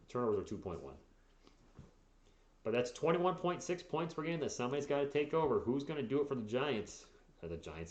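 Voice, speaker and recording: A man's voice: lowish voice, a little mellow, reverberant. A man hosting a casual live sports stream, chatting about the games and answering viewers in the chat, sounding tired. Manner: chatty, reacts to games and reads chat aloud. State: tired, yawning.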